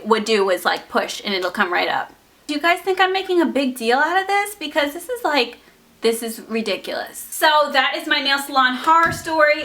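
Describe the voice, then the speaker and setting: A young woman talks straight to her camera in a storytime vlog, exasperated and animated, breaking into laughs of disbelief. Her voice sits a little high and sounds bright and forward. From United States. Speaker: vlogger.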